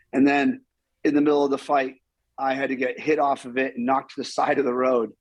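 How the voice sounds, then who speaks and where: Here a stuntman guest with a mid-range voice tells stories during an interview, and there's no room sound. He is animated and acts out the things people said.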